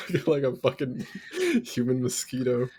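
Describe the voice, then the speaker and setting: A man co-hosting a casual comedy podcast, teasing and swearing in deadpan jokes. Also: mid-range voice, measured pace, husky. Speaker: podcast co-host.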